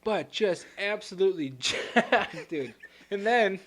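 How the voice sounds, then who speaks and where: A man co-hosting a casual podcast, telling animated stories with frequent laughter and casual swearing. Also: high-pitched, takes it slowly. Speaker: podcast co-host. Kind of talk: casual storytelling chat.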